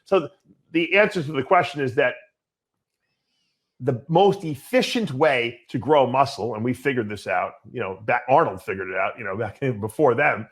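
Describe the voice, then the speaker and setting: Older guy hosting a q&a, blunt, tells stories, swears a bit, middle pitch. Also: moderate pace. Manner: blunt, animated storytelling with swearing. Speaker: bodybuilding show host. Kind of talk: casual Q&A answer.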